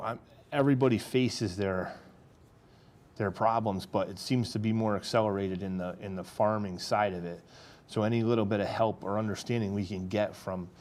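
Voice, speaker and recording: Man, farmer, interview guest, halting, deepish voice. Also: a little mellow. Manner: earnest, halting, many restarts. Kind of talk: casual interview talk.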